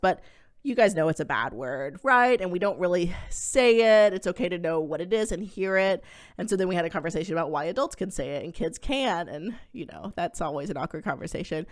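A woman co-hosting a podcast, telling a family story in casual chat, her voice jumping high in surprise. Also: a bit bright. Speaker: podcast co-host.

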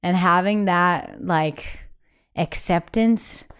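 Young woman guest, smooth clear voice, candid storyteller who plays out quoted dialogue. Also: on the low side, takes it slowly. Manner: acts out quoted family speech, breathless bursts. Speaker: podcast guest.

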